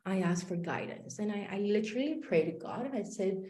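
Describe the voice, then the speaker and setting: A woman's voice: medium pitch, animated, fairly quick, few pauses, warm tone, echoey room. A woman life coach telling a personal story in a motivational talk, acting out the dialogue as she goes.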